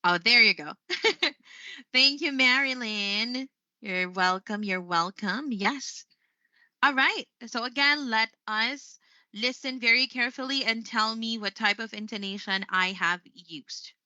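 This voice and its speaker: A woman leads a live online English lesson in a very bright, high-set voice. She takes her time with each word and often breaks into easy laughter. The sound is close and dry but a little muffled. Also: no room sound. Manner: slow, expressive delivery with frequent laughs. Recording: slightly muffled stream audio.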